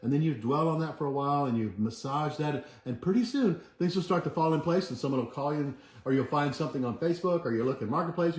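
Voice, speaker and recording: A man's voice: on the high side, fast talker, few pauses, darkish tone. A man hosting a motivational livestream, earnestly coaching viewers and urging them to chant affirmations with him. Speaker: host. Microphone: camera mic, moves back from it. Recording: echoey room.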